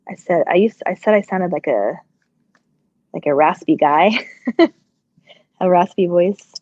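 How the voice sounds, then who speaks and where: A woman's voice: on the low side, takes it slowly, a little mellow, no echo. A middle-aged woman chatting casually on a live stream while she sews, answering viewer questions, her voice a little congested and muffled. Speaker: sewing channel host.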